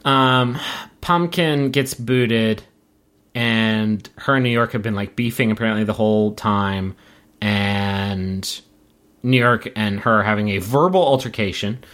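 A man's voice: takes it slowly, clear, resonant tone. A man from Appalachia hosting a casual comedic podcast, telling stories with lots of swearing. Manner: animated storytelling, swearing, jumping up in pitch for quotes. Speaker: podcast host.

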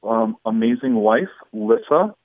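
A middle-aged man, a guest poet, chatting and reading his humorous poems aloud in a dry, deadpan way. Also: lowish voice, measured pace. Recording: tinny phone-like line.

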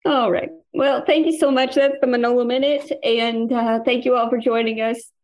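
A woman's voice: a little high, steady tone, normal speed, a little mellow. A woman co-hosting a comedy game show podcast, upbeat and reading the credits. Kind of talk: casual podcast chat.

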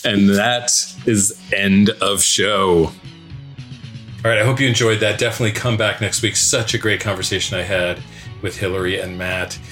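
Easygoing male podcast host. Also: lowish voice. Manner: relaxed, conversational, some restarts. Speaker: podcast host and stage-direction reader. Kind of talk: scripted narration and podcast sign-off.

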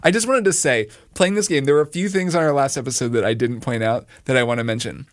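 A man talks casually as a podcast co-host, lively and quick to joke. His voice sits in a middling register. The sound is dry and close to the mic. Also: mid-range voice, no echo. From United States. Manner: chatty and animated, quick to joke. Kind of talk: casual chat.

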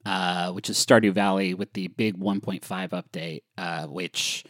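A man co-hosting a podcast in casual chat, animated and leaping high in pitch when incredulous. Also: measured pace, dry recording, studio quality. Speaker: podcast co-host.

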